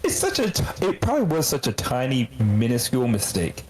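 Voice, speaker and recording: Guy on a podcast, rambling and cursing a lot, middle pitch, bit of hiss. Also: huge pitch swings, a little fast, a little mellow, low-quality recording. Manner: profane, rambling storytelling. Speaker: podcast co-host. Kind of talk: casual chat.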